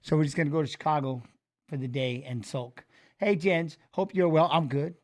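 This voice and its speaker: A man's voice: a little high, moderate pace. A man in his forties hosting a livestream, chatting loosely and rambling as he greets his viewers. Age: 40s. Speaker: livestream host. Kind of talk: casual livestream chat.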